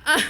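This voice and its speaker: Chatty animated young woman storyteller. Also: extremely high pitch, heavy background noise. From Minnesota. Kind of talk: live personal storytelling. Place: stage before a live audience.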